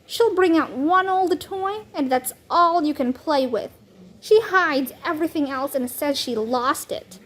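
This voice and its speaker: A woman's voice: sits high, animated, a little slow. A woman voicing a theatrical, complaining young schoolgirl in a storybook read-aloud.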